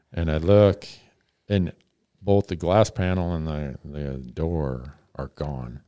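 Man, podcast host, very low voice, casual storytelling, self-mocking, dry close sound. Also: expressive, slow, darkish tone, clean tone, no room sound. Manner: rambling, self-mocking, chuckles often.

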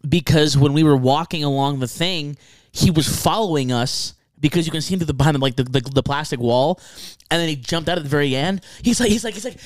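A man co-hosting a podcast in casual chat, excitable, swearing and restarting his sentences. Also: fairly high pitch, a little fast, no echo. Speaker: podcast co-host.

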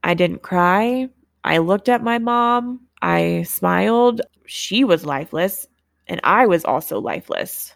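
A young adult woman hosting a podcast, telling her own story in a reflective, halting, plain-spoken way. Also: on the low side, animated, creaky, dry recording, studio quality. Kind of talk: personal storytelling.

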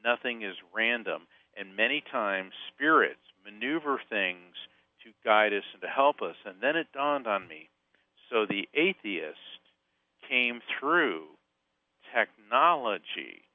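A man from Central Florida, a guest author, telling a personal story in an animated way, acting out the voices of people in it. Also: lowish voice, slow, no echo, phone-quality sound. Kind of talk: storytelling interview.

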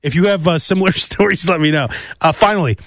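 A man's voice: a little high, fast, fairly bright tone, no room sound, studio quality. A man hosting a solo comedic monologue, rambling through stories and mimicking voices. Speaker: podcast host.

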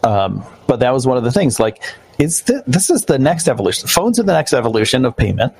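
A man's voice: mid-range voice, sing-song, fairly quick, vocal fry, darkish tone, breathy edge, no echo, low-quality recording. A man hosting a podcast, chatting casually, rambling with loose restarts and fillers. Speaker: podcast host. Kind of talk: casual live-stream chat. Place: New York.

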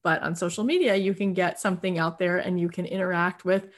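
A woman's voice: lowish voice, fairly even intonation, fairly quick. A woman guest on a podcast who speaks emphatically and motivationally, asking lots of rhetorical questions. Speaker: interview guest. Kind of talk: motivational conversation.

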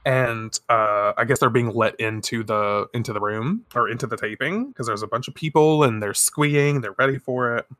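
A podcast host casually narrating a comic page by page, animated, laughing often and swearing casually. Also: mid-range voice, normal speed, few pauses, no echo, clean studio sound. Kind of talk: casual comic read-along chat.

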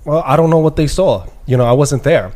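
Male host, level-headed, steady pushback, slightly higher voice. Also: a little fast. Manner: calm, reasoning, pushes back steadily. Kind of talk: casual conversation.

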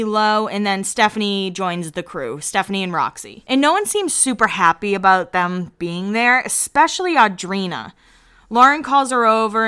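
A woman's voice: mid-range voice, fairly bright tone, smooth. A young woman recapping a reality show in a chatty way, laughing often and acting out quotes. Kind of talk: casual chat recap.

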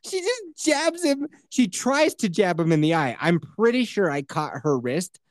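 A man's voice: sits high, big pitch swings, unhurried, no echo. A young man, the podcast host, telling rambling, crude stories in casual chat with frequent laughter.

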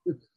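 A man co-hosting a podcast in casual chat, speaking emphatically and leaning on filler words. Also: bright, forceful tone. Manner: emphatic, repeats "literally" and "like". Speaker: podcast co-host.

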